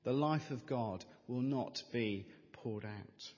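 Middle-aged man, pastor giving a sermon, slow deliberate delivery, emphatic repetition, long church reverb. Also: medium pitch, darkish tone, highs cut off. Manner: measured, emphatic preaching with repeated phrases.

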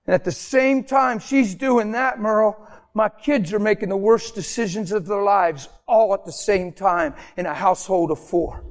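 A man preaching a sermon with passion, talking straight to his congregation and asking them questions. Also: high-pitched. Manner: passionate, swings from shouting to near whisper; talks to congregation directly, asks questions. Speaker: pastor.

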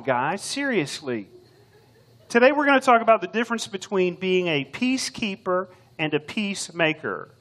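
A man's voice: sits high, fairly bright tone. Folksy older man preaching. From Texas. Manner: folksy, joking storyteller. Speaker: substitute preacher. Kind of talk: sermon.

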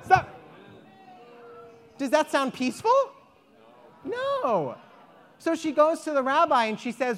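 Animated woman telling children a story. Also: high-pitched, takes it slowly, pauses often. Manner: animated, inviting the audience to join in. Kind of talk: telling a folk tale to children. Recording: echoey hall.

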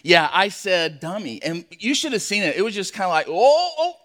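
A man who is a pastor, telling a personal story in a sermon, animated and acting out his own shouts. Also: high voice, brisk. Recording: long hall reverb.

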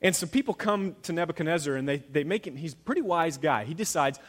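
Pastor type, man, slightly high voice, dramatic storyteller, big hall echo. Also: fast talker, few pauses. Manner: animated storytelling, acting out characters' lines. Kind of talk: sermon.

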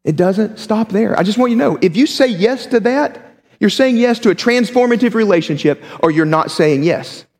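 A male pastor preaching a sermon in a lively, conversational way, with humorous asides. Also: sits high, moderate pace. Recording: long hall reverb.

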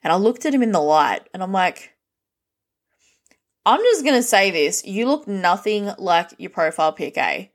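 A woman's voice: mid-range voice, moderate pace. Blunt, swearing Australian woman telling stories. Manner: blunt, heavy swearing, lively retelling with quoted dialogue. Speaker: podcast host. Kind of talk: casual storytelling monologue.

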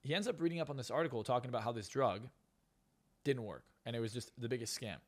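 A man's voice: medium pitch, fast. A man who is a hypnotist and coach, guest on a podcast interview, talking bluntly and profanely with lots of emphasis.

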